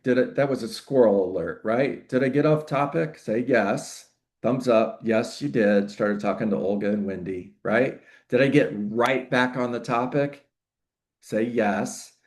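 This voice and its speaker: Male real estate coach, lower voice, lively and interactive, teaching a live online group. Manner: energetic, interactive, repeats key phrases for emphasis. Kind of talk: live online training session.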